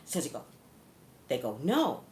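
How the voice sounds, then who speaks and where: A woman chats straight to the camera, her pitch swinging widely as she tells her stories. She sounds like a casual vlogger in an echoey room, with a faint hiss behind her. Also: moderate pace. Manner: animated, chatty storyteller who talks straight to viewers. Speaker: psychic vlogger.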